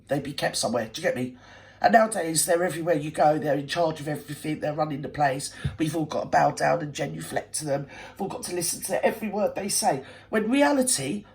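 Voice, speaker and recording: A woman hosting a reaction video, scolding and sarcastic in blunt ranting commentary. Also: lowish voice. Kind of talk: ranting commentary over a clip.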